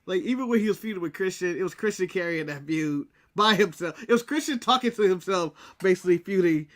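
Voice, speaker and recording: A man's voice: sits high, animated, fast talker. An American man co-hosting a casual wrestling recap show, talking bluntly and laughing often. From United States. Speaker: podcast co-host.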